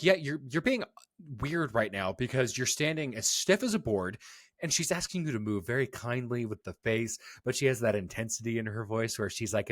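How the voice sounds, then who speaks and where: A man's voice: medium pitch, moderate pace, no echo, studio quality. A man co-hosting a TV review podcast in casual chat, telling stories animatedly and acting out quotes. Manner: animated storytelling, acts out quotes. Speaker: podcast co-host.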